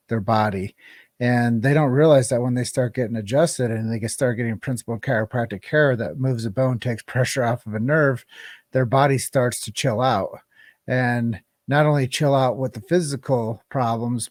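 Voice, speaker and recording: A man's voice: medium pitch, darkish tone, no room sound, clean studio sound. A man hosting a podcast, speaking in a confident, promotional manner. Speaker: podcast host. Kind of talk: podcast interview talk.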